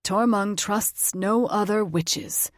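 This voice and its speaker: A man's voice: high-pitched, takes it slowly, dry recording, clean studio sound. A woman voicing a solemn old grandfather shifter who smokes a pipe, in a fantasy audiobook. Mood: firm.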